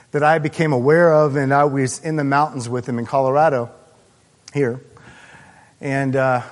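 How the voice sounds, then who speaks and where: Earnest pastor preaching in a reverberant hall. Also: male voice, mid-range voice. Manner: earnest, halting storytelling with many restarts. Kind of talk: sermon.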